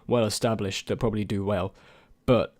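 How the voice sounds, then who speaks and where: A man's voice: on the low side, fairly even intonation, normal speed, a little mellow, no echo. A young man and YouTube creator in casual chat, answering viewer questions in a rambling, hesitant way with many restarts.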